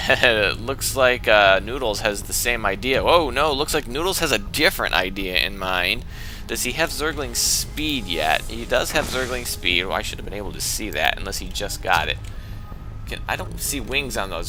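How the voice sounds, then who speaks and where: A man casting his own strategy game match in excitable, chatty play-by-play that gets easily worked up. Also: medium pitch, slight background noise. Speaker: game caster and player.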